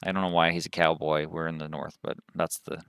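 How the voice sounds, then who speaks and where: A man's voice: extremely low pitch, flat delivery, brisk, gravelly, a bit bright, smooth, dry recording, studio quality. A man from the southern United States giving chatty, rambling commentary as he plays a game on a livestream. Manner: chatty, rambling, thinks aloud while playing. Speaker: game streamer.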